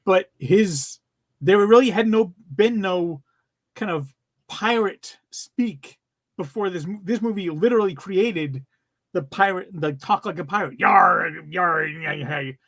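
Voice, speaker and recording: A man's voice: sits high, animated, a little slow. A middle-aged man co-hosting a podcast, chatting casually and enthusiastically about an old film, rambling with fillers. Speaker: podcast co-host. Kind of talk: casual movie review chat.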